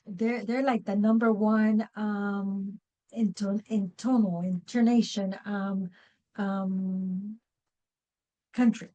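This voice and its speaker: A woman leads a workshop in a meeting room, speaking at an unhurried pace in a mid-range voice. She often restarts her sentences and fills pauses with "um". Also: medium pitch, darkish tone, low-quality recording. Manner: slow, many fillers and restarts. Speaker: workshop presenter. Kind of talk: live seminar talk.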